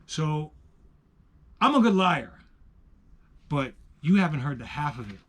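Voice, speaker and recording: A man with a New York accent telling stories in casual chat, profane and emphatic, swinging from loud bursts to hushed asides. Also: on the high side, very animated, measured pace.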